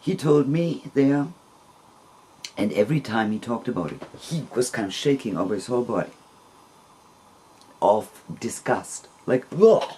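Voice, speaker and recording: A man telling a long personal story in a casual, rambling, gentle way, with soft laughs between phrases. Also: mid-range voice, expressive, unhurried, pauses often, a little hiss or hum.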